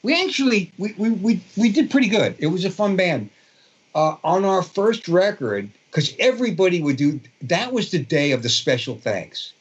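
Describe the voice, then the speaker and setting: Older man, Brooklyn accent, rambling storyteller, fairly high voice, dull lo-fi sound. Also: big pitch swings, normal speed, breathy edge. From Brooklyn, New York. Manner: rambling, many fillers and restarts. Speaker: guest guitarist. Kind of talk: casual storytelling interview.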